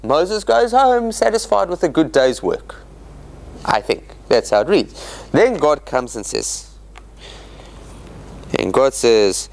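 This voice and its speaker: A rabbi leads a Bible study for a room of listeners, his voice sitting a little high and swooping up and down as he acts out the text. He talks off the cuff, tripping over restarts and bursting into dramatic mock quotes. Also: sing-song, slow, vocal fry, pauses often, a little mellow. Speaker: rabbi teaching a Torah study class. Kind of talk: informal Bible study lecture with questions to the audience. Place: meeting room of a church centre.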